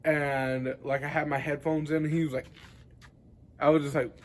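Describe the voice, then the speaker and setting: A man's voice: fairly high pitch, level tone, normal speed. Rambling, profane young man. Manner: rambling, profane, heavy on filler words. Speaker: vlogger. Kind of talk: casual monologue to camera.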